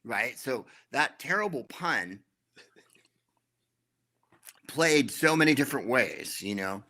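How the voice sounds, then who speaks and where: A middle-aged man, a comedian guest in an interview, telling anecdotes in a wry, dry way with quick asides. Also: medium pitch, very animated, pushed and bright. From United States.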